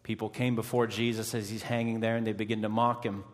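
A man preaching a sermon, swinging dramatically between hushed, quiet lines and impassioned, raised ones. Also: fairly low pitch, flat delivery, fast talker, few pauses, in a large hall.

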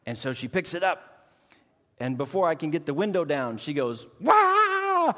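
A man's voice: on the high side, normal speed. A man preaching a sermon, telling a funny family story with acted-out voices before moving into scripture. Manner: animated storytelling, acts out voices, preachy cadence. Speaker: pastor. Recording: long hall reverb.

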